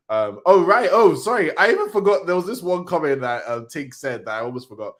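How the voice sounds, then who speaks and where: A man hosting a casual manga reaction, reading panels aloud in an excitable, slangy way. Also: mid-range voice, a little fast, few pauses.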